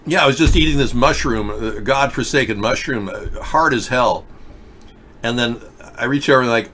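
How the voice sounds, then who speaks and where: A man's voice: medium pitch, moderate pace, fairly bright tone, slight background noise. A man hosting a live political video chat show, talking emphatically and directly to viewers while wearing a mouth guard. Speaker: political talk show host.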